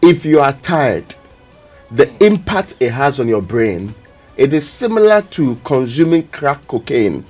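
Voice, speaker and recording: A male radio morning show host, speaking earnestly and stretching his words for emphasis. His pitch swings widely as he urges listeners. Faint music plays beneath him in the studio. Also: very animated, a little slow, a little mellow. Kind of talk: casual studio chat, road safety message.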